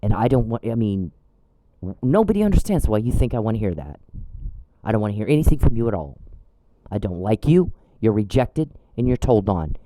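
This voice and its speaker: A man with a very dark, mellow, low voice delivers a blunt, scolding monologue straight at his target, swearing freely. The sound is dry and close. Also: big pitch swings, brisk, no room sound, rough recording. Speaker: channel host. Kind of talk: angry direct address monologue.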